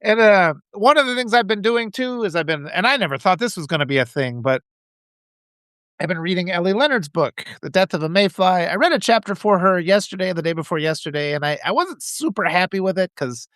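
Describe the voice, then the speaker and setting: A man's voice: sits high, expressive, brisk, fairly bright tone, no echo, studio quality. A man from Wisconsin hosting a casual solo morning chat, talking in a rambling, enthusiastic way with chuckles and restarts. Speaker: host.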